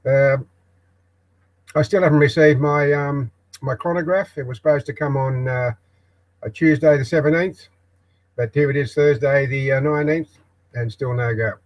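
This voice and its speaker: An older man with an Australian accent talks off the cuff on his own live broadcast, recorded in a backyard shed office. His voice sits at an ordinary middle pitch. He speaks in a halting, meandering way, full of ums, pauses and false starts. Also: steady tone, a little mellow, rough recording. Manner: hesitant, halting, many ums and restarts. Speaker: live stream host. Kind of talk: rambling live broadcast monologue.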